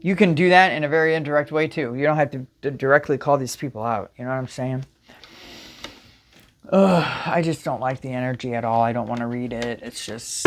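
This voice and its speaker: A woman giving a casual spiritual tarot reading straight to viewers, emphatic and repetitive. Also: a bass voice. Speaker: tarot reader.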